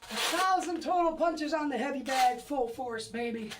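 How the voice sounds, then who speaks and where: A woman's voice: sits high, lively intonation, normal speed, recorded from a distance, a little hiss or hum. A woman livestreaming from home on a phone camera, counting out her workout reps and cooing to her dogs. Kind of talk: casual livestream chat.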